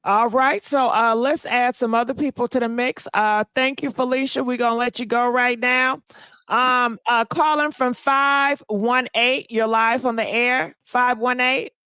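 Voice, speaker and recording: A woman hosting a call-in talk show, briskly steering callers and affirming them with short replies. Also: fairly high pitch, steady tone, pushed and bright, smooth, dry recording. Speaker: host.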